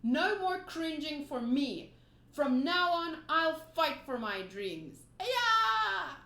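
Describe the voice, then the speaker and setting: Girl doing a shy young cabin boy, earnest and pleading, kinda high, echoey room. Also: expressive, slow, fairly bright tone, full character voice. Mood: defiant. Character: timid young male cabin boy with a big dream. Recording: roomy echo.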